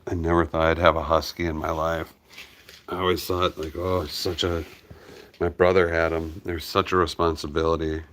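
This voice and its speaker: Brief: very low-voiced male host, relaxed live-stream chat, dotes on his pets between comments. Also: moderate pace, slight background noise. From United States. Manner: talks fondly to his dogs while reading viewer comments. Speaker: farm hospice channel host.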